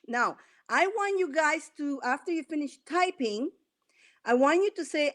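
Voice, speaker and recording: A woman with a high-pitched, animated voice speaks unhurriedly as a spiritual coach on a live stream. She coaxes listeners through affirmations, repeating her instructions.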